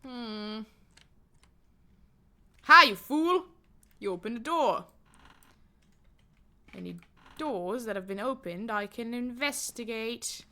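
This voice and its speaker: A woman streamer with a fairly high, fairly bright voice plays a ghost-hunting game live, joking as she goes. She speaks slowly with long pauses, chatty and playful, addressing both her viewers in chat and a ghost.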